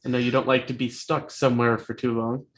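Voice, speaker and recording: A man's voice: medium pitch, flat delivery, fast talker. A man playing in a tabletop role-playing game, chatting casually in character. His delivery is dry and teasing. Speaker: player.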